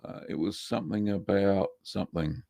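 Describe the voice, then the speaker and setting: A man hosting a live cheesemaking Q&A, relaxed and chatty, reading out viewer messages with lots of ums. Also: low voice, normal speed, creaky, no room sound, clean studio sound. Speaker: cheesemaking show host answering live chat. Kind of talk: casual live-stream Q&A.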